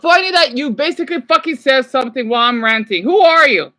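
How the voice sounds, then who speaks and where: High, lively-voiced man ranting. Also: fast. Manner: agitated, swearing, restarts, answers chat. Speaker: livestreamer. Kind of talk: ranting live stream monologue.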